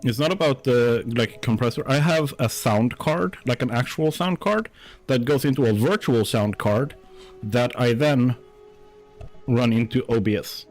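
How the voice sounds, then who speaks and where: A man's voice: mid-range voice, a little slow, darkish tone, faint music behind. A man live-streaming a game from a room at home, chatting casually and rambling while he tests and moves his desk mic. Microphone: desk mic, moved around while talking.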